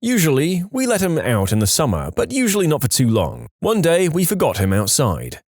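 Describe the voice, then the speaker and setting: Animated male story narrator. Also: a little high, fairly quick, dry recording, studio quality. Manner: animated reading, acting out quoted lines in raised voices. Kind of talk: reading online stories aloud.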